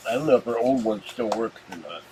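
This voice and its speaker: Talking to the camera for his casual unboxing channel, a host from Pittsburgh, USA meanders from point to point. His voice is lowish, animated and fast, over heavy background noise.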